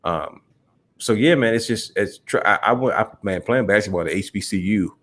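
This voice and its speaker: A young man with a fairly low voice co-hosts a casual podcast chat. He tells long stories in a relaxed, rambling way and calls his co-host bro. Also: moderate pace.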